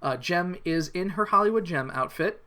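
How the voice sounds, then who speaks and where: A man's voice: high-pitched, lively intonation, moderate pace, bright, forceful tone. Man, podcast co-host, casual cartoon recap, wry, jokey, rambling.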